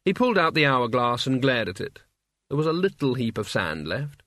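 A man reads an audiobook in a measured, wry storyteller's voice. His pitch sits in an ordinary middle range. The recording is dry and close, with no room sound. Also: very animated, fairly bright tone, no echo. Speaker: narrator. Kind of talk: audiobook narration.

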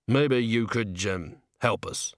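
A man's voice: lowish voice, takes it slowly, dry recording, clean studio sound. A man voicing a worried, hesitant tavern keeper who stumbles over his words. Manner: hesitant, with ums.

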